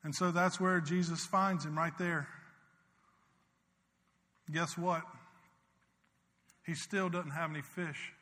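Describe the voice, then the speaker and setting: A man preaching a sermon as pastor. He rises to loud, urgent swells and drops to quiet, intimate passages. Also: fairly high pitch, fairly even intonation, takes it slowly, long pauses. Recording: long hall reverb.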